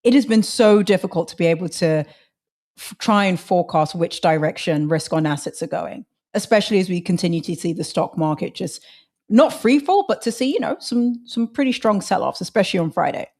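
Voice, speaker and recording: A woman co-hosting a podcast, chatting casually and telling stories with quick asides. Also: on the low side, animated, a little mellow. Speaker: podcast co-host. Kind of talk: casual chat.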